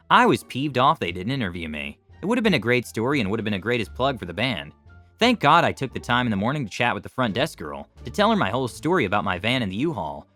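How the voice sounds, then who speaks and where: Bright, lively male story narrator. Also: mid-range voice. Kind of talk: reading online stories aloud with commentary.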